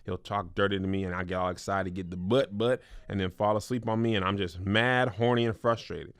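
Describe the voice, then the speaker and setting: A man hosting a comedic advice show, reading viewer letters aloud and then riffing on them with loud mock outrage. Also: fairly low pitch, fairly even intonation, brisk, clear, resonant tone, no room sound. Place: small studio.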